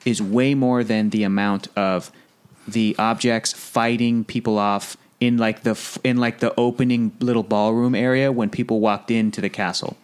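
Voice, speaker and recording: A co-host in casual chat, talking quickly and thinking aloud. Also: mid-range voice, fairly even intonation, smooth.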